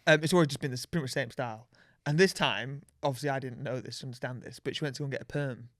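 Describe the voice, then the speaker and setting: A man's voice: mid-range voice, no room sound, clean studio sound. Man talking reflectively. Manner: reflective, halting with restarts. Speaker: podcast co-host. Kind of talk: casual chat.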